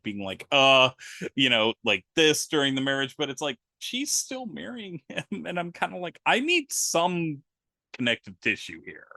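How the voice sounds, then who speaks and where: A man co-hosts a casual film discussion podcast, talking in an animated, emphatic way. His voice is bright and forceful, recorded close and dry with no room sound. He swears freely as he makes his points. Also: medium pitch, no echo. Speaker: podcast co-host.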